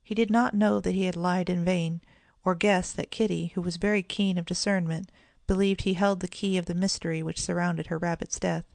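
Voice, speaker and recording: A woman narrating a children's storybook in a gentle, even storytelling manner. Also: lowish voice, brisk, vocal fry, no echo. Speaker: audiobook narrator.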